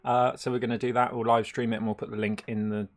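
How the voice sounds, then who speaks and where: Man, live-stream chatter, mid-pitched voice, rambling, laughs a lot. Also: little pitch movement, a little fast. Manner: rambling and chatty, laughs often, hesitant fillers. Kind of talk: casual live-stream chat.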